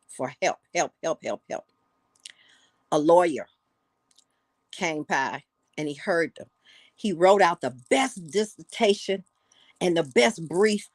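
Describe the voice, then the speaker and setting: A woman's voice: deep voice, no room sound. An older woman, a guest on a talk show, talking casually and telling a folksy story with repeated words for emphasis.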